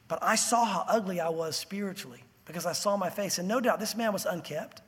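High-voiced preacher in a reverberant hall. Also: male voice, a little fast, hardly any pauses. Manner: animated storytelling, acts out crowd voices. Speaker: pastor. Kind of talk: sermon.

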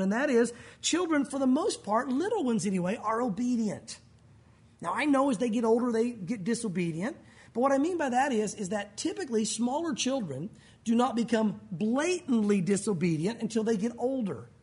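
A man preaching a sermon as pastor to his congregation, lively and conversational, acting out the voices of people he quotes. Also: extremely high pitch, breathy edge.

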